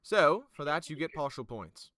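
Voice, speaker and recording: A man voicing a flamboyant, excitable male elf noble who gushes in exclamations. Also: on the high side, no echo, pitched above the performer's own voice. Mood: smug. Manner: gushing, exclamatory, drawn-out vowels.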